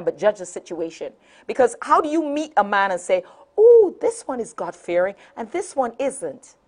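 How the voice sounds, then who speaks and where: A woman with a Caribbean accent hosting a talk show, talking straight to viewers in a sassy, preachy, slangy way. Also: mid-range voice. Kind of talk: lively talk show monologue. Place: TV studio.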